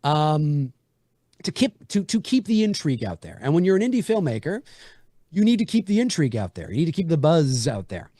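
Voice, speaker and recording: A man's voice: on the high side, sing-song, brisk, mellow, no echo, studio quality. A man, an indie horror filmmaker, chatting casually about his project with many fillers and restarts. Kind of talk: casual interview chat.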